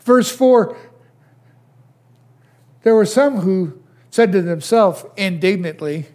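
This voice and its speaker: An older man preaching a sermon as pastor, asking his listeners question after question and dropping to a hush at times. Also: high-pitched, lively intonation. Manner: slow, questioning preacher who swings from loud to hushed.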